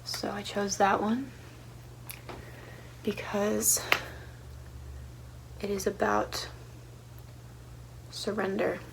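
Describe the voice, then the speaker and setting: A woman speaking in a gentle, soothing, soft-spoken ASMR manner as a tarot reader, leading a meditation and reading her own poem intimately. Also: medium pitch, vocal fry, a little hiss or hum, rough recording.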